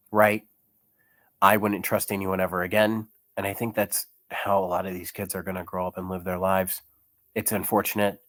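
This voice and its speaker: This YouTuber, a young adult man with chest congestion, rambles through comments in a casual commentary vlog, laughing softly often and using lots of fillers. His pitch is low with a fairly bright tone, and the recording is dry.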